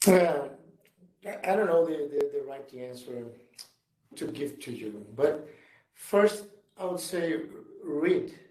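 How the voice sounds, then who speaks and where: Male executive speaker, slightly high voice, earnest and emphatic, picked up from a distance in a roomy space. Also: expressive, slow pace, a little mellow. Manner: earnest, emphatic, repeats himself in non-native English. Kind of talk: motivational talk and Q&A. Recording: roomy sound from far off the mic.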